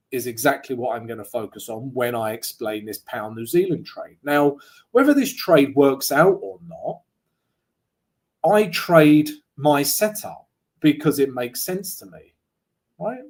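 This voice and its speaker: A man's voice: mid-range voice, lively intonation, takes it slowly, a little mellow. A man walking viewers through his market analysis in a casual, chatty way, often tagging lines with "right?" and joking along the way. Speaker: trading analyst. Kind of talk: live market analysis walkthrough.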